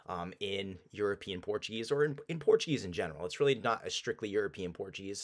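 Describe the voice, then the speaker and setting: A man teaching a casual language lesson, explaining with relaxed restarts and repeating example phrases slowly. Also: fairly low pitch.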